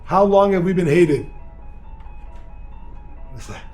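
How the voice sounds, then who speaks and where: A rabbi with a high voice delivers an energetic, joking lecture at a seminar. He bounces between points and banters with the audience in the room. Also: takes it slowly, soft background music. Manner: energetic, joking, talks with the crowd. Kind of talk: lively seminar talk to a live audience.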